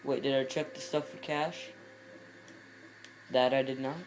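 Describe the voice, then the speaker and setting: A man's voice: medium pitch, level tone, measured pace. A man giving casual gameplay commentary, rambling and breaking off mid-sentence to chat with viewers. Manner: rambling, self-interrupting, chatty asides to viewers. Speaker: video game commentator.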